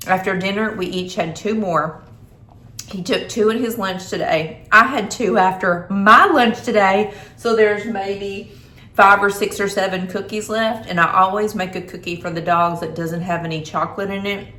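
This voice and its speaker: A woman's voice: medium pitch, fairly even intonation, moderate pace, bright, forceful tone, a little hiss or hum. A middle-aged woman, chatting casually to camera in her kitchen as a homey vlogger. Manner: chatty, homey, talks while snacking. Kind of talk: casual vlog chat. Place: home kitchen, indoors. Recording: echoey room.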